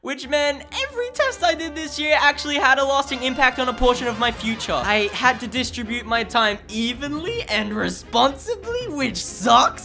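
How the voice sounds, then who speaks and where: Lively teenage guy telling a comedic story. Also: normal speed, few pauses. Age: late teens. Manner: animated, sarcastic, jumps between mock-dramatic shouts and low mumbled asides. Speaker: animator and YouTuber. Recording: background music under voice.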